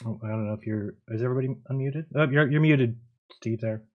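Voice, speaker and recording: A man's voice: mid-range voice, fast, phone-quality sound. A man hosting a memorial livestream, speaking in a subdued, hesitant way while sorting out guests and tech. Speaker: show host.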